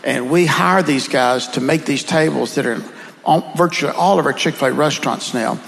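A man's voice: on the high side, moderate pace, vocal fry, a bit bright, in a large hall, rough recording. A man with a Southern accent, telling earnest, folksy stories as a guest in a conversation. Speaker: guest speaker. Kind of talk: conversational storytelling.

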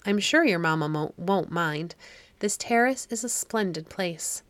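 A woman reading a storybook aloud, voicing a kind young governess who speaks gently and soothingly. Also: on the low side, animated, unhurried, dry recording. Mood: gentle. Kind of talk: audiobook reading.

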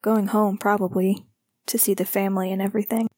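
A woman voicing a mild, soft-spoken young male hockey player. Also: mid-range voice, flat delivery, fairly quick, lightly acted.

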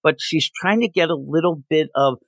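Animated man reviewing comics. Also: a little high, moderate pace, gravelly, no room sound. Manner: animated, acts out quoted characters. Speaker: podcast co-host. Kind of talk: casual comic book review chat.

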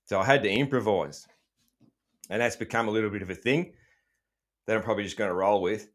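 A man's voice: lowish voice, a little fast. A middle-aged Australian man hosting a casual chat, joking around and swearing freely, with plenty of ums. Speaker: podcast host.

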